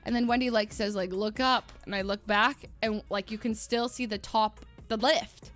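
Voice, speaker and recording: A young woman livestreamer telling a story in a casual, animated way, laughing often and acting out quotes in a higher voice. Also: normal speed, soft background music. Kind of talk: casual storytelling to stream chat.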